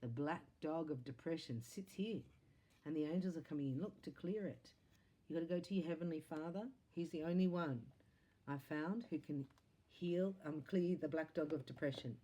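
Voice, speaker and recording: Low, mellow-voiced woman psychic. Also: normal speed, breathy edge. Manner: animated, chatty, with laughs and sudden exclamations. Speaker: psychic tarot reader. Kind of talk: spiritual reading monologue to camera.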